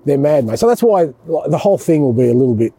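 Australian manager type, middle-aged, dark mellow husky tone, chatty and laughing. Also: male voice, on the high side, quick pace. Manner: chatty, animated, laughs often, says mate a lot. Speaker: football club manager. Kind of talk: casual chat.

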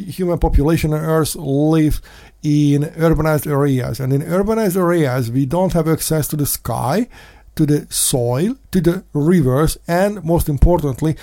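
A man hosting a casual commentary monologue, sarcastic, mocking in put-on voices and breaking into sudden shouts. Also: fairly high pitch. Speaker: podcast host.

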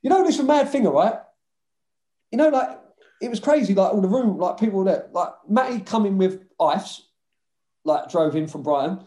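In an echoey, roomy setting, a former footballer from Hackney, London, tells old football stories at full tilt on a casual podcast. His London-accented voice sits a touch high at a moderate pace, and he swears and laughs often as he goes.

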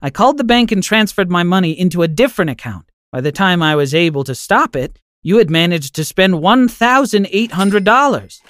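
A man voicing a gentle old grandma. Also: high-pitched, animated, brisk, hardly any pauses, dry recording, clean studio sound, pitched above the performer's own voice. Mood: kindly. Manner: soft, kindly, reassuring. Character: elderly grandmother, gentle and forgiving.

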